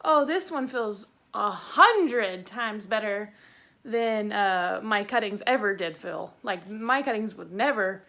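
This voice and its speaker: A young woman from Tennessee with a Southern accent, chatting excitedly through a plant unboxing on her vlog. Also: medium pitch, takes it slowly, vocal fry. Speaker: plant YouTuber.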